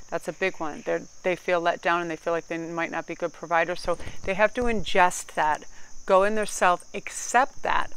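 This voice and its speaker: A woman's voice: fairly low pitch, a bit bright, clear, resonant tone, low-quality recording. A woman giving a casual tarot card reading, talking in a chatty, rambling, candid way with some casual swearing.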